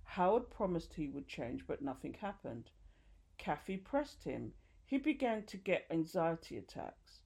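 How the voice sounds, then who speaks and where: A woman reading a nonfiction book aloud, expressive and lively, with occasional slips and restarts, lifting her voice for quoted dialogue. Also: low voice, unhurried, creaky, slightly rough. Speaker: audiobook reader.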